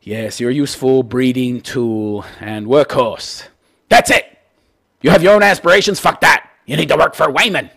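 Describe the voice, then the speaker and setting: A man's voice: mid-range voice, normal speed, gravelly, few pauses, a bit bright. A man hosting a commentary show, ranting sarcastically and profanely about a listener's letter. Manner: profane and sarcastic, repeats "wait, wait". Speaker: host of a call-in commentary show.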